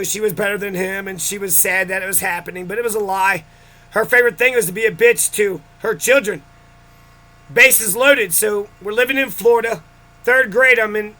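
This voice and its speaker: A man's voice: high voice, pushed and bright. A man in a bitter, profane personal rant about his childhood, speaking straight to the camera. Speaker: vlogger.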